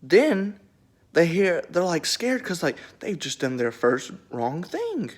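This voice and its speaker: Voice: medium pitch, slow pace. A young video creator retelling Bible stories as comedy, rambling through jokes and side remarks. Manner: rambling, joking, animated asides.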